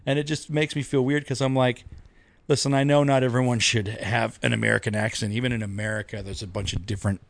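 A man's voice: medium pitch, steady tone, fast talker, gravelly, no room sound. A man co-hosting a podcast in casual chat, rambling through stories with mock-outraged quotes. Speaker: podcast co-host.

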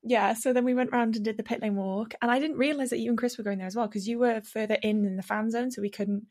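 Animated young woman telling a story. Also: on the high side, fast. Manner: animated storytelling, acting out quotes, many fillers. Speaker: podcast co-host. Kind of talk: casual chat.

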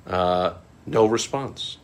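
A middle-aged man with a very low, deep voice tells a story in a casual vlog. He talks in a lively, animated way and chuckles often. At times he slips into mocking high quoted voices. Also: slow. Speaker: small business marketing consultant, show host.

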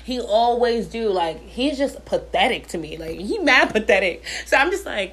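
A woman's voice: fairly high pitch, big pitch swings, normal speed, a bit bright. A woman in her thirties venting in a casual storytime, blunt and profane, talking from her bathroom at home.

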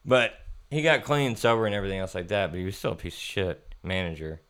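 A young man spins profane workplace stories on his podcast, laughing often. His voice sits low but swings widely in pitch, and he keeps things animated and casual. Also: quick pace, clear, resonant tone. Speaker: podcast host. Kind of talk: casual storytelling chat.

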